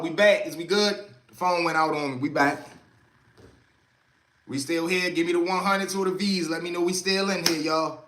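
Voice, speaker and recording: A man's voice: on the high side, fairly bright tone, reverberant. A young man telling a story to a live stream chat in a casual way, acting out other people's voices as he goes. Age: young adult. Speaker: livestream storyteller.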